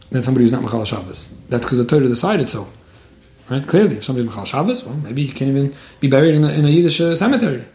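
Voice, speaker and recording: A man gives religious advice in a casual, earnest way, repeating and restarting his words as he goes. His voice is mellow and he talks quickly. The recording carries a roomy echo. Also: mid-range voice.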